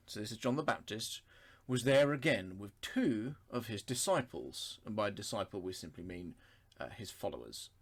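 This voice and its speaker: Unhurried man explaining scripture. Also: mid-range voice. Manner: thoughtful, unhurried, with frequent pauses and self-corrections. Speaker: Bible teacher. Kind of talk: reading scripture and explaining it verse by verse.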